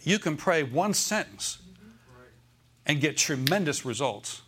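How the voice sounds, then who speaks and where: Slow and expressive, a male pastor from the United States preaches with a somewhat high, slightly bright voice that has a breathy edge. Before his congregation in the church sanctuary, he is emphatic, repeats key phrases, and asks whether the room follows.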